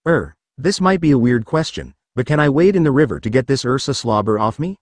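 Brief: casual, wry young stallion hero, read by a male narrator, grumbling, lively delivery. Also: medium pitch, brisk, no echo.

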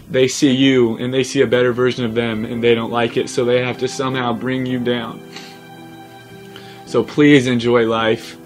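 This young creator talks straight to camera in a heartfelt vlog, his mid-range voice catching as he nears tears. He pauses repeatedly and leans on "um" while sharing with his followers.

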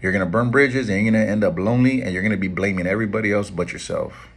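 Middle-aged barber, husky voice, earnest motivational mentor repeating his points. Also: on the low side, racing. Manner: earnest, pleading, repeats key lines. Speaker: barber and shop owner. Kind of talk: motivational talk to camera.

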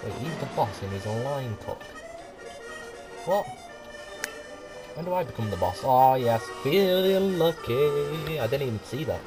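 Casual male let's-player who rambles and laughs, low-level home mic under game music. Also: very animated, moderate pace, pauses often. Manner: chatty, rambling, laughs often. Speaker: gameplay commentator. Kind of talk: casual let's-play commentary.

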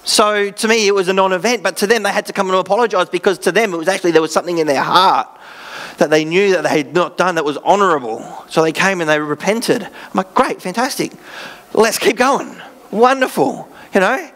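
A man's voice: sits high, quick pace, a bit bright. An Australian man, a pastor, preaching a sermon in an earnest, conversational way with self-deprecating asides.

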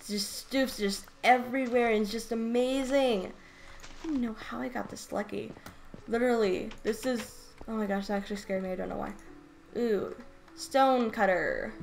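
A woman playing a video game and talking through it in casual commentary, excitable and gushing, often stammering and repeating herself. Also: medium pitch, moderate pace, vocal fry, soft background music. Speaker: let's play gamer.

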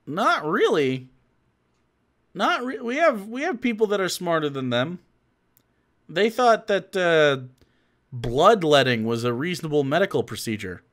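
A man's voice: a little high, big pitch swings, a little slow, pauses often, a bit bright. A man streaming live, giving sarcastic, mocking commentary on videos. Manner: sarcastic, mocking, laughs often.

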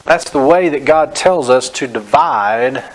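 A man preaching a Bible-teaching sermon, reading scripture slowly and stressing each phrase, then correcting common beliefs in a direct, plain way. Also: medium pitch, lively intonation, poor audio. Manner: direct, corrective, frequent "notice". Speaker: pastor.

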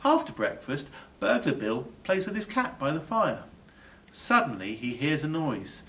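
A male teacher reading a children's picture book aloud with expressive storytelling and dramatic drops. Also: a little high, measured pace, far from the mic.

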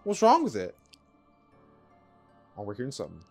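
A man's voice: mid-range voice, huge pitch swings, moderate pace, a little mellow, soft background music. A man co-hosting a let's play, rambling and joking crudely in casual gaming commentary.

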